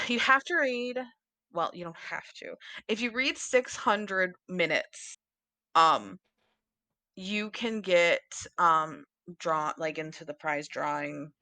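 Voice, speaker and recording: A woman's voice: fairly low pitch, pushed and bright, no echo. A woman co-hosting a podcast, chatting casually about books in a rambling, giggly way with lots of fillers. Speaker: podcast co-host.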